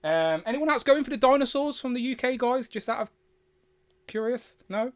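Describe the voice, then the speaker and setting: A man with a slight lisp, hosting a live chat with guests, chatty and quick to laugh. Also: very high-pitched, animated, clean tone. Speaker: livestream host.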